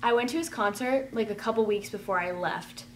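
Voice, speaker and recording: A woman telling a rambling, chatty storytime, full of "like" and excited gushing. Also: medium pitch, brisk. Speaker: vlogger. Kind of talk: casual storytime.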